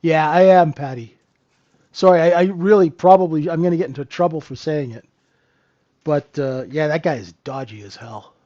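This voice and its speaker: A man's voice: a little high, moderate pace, warm tone, highs cut off. A man hosting a live trading room, giving casual, joking market commentary and answering viewers by name. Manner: chatty, joking, talks to chat viewers by name.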